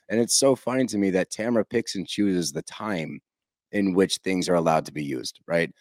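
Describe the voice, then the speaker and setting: Low-voiced man, dry podcast sound. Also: normal speed, no echo. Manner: profane, animated, acts out quotes with sudden high bursts. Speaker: podcast co-host. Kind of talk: casual recap chat.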